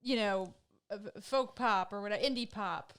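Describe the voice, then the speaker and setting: A woman co-hosting a comedy podcast, offering wry, measured commentary in casual chat. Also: mid-range voice, fairly bright tone, smooth. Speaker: podcast co-host.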